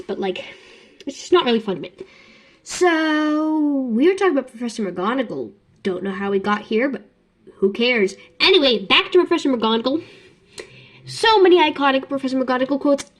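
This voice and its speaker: A young woman vlogging casually, talking fast, rambling and interrupting herself with giggles. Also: high voice. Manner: giggly and chatty. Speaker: YouTube vlogger. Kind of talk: casual ranking vlog.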